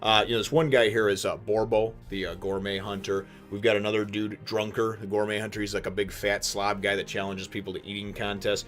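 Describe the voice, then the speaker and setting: Rambling low-voiced man reviewing a manga. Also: a little fast, few pauses, faint music behind. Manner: rambling, lots of fillers and restarts, animated bursts. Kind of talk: casual chapter review.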